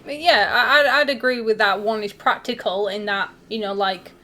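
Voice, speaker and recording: A woman's voice: medium pitch, fairly even intonation, moderate pace, pushed and bright. A woman, chatting casually on a stream, rambling and giggly, with some swearing.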